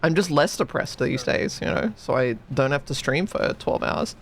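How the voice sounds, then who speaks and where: A man's voice: a little high, expressive, moderate pace, a little hiss or hum. Giggly sniffly man streaming. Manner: rambling, giggly, self-mocking. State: hiccuping, sniffly. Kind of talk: casual chat.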